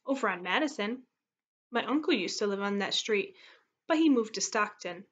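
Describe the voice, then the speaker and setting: A woman's voice: medium pitch, expressive, normal speed, close to an everyday voice. Shy seventh-grade boy, read by a woman.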